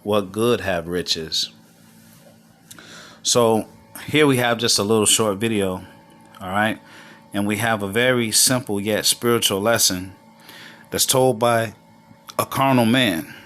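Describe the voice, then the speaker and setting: Low-voiced man teaching scripture. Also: fairly bright tone. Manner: checks in often with "all right?" and "okay?"; unhurried with pauses. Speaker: Bible teacher. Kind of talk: scripture lesson.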